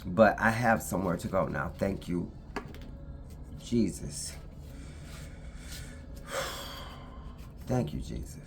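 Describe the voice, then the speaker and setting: A woman's voice: a bass voice, expressive, slow pace, gravelly, long pauses, a little hiss or hum. A woman talking casually to her camera, emphatic and repetitive, now and then breaking off to talk to her puppy. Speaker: vlogger.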